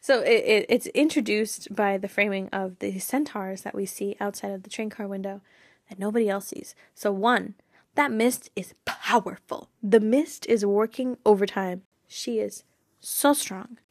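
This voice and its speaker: A woman's voice: mid-range voice, measured pace, a little mellow, no room sound, studio quality. A woman hosting a casual fan podcast, bubbly and giggly, rambling with lots of "like" and "you know.". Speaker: podcast host.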